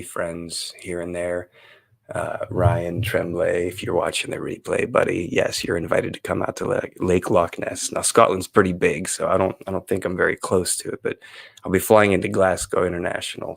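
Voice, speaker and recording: Low gravelly guy rambling on his live stream, lots of ums and restarts, dry close sound. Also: completely flat delivery, normal speed, dry recording. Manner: rambling, gushing, many fillers and restarts. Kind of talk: casual solo live-stream chat.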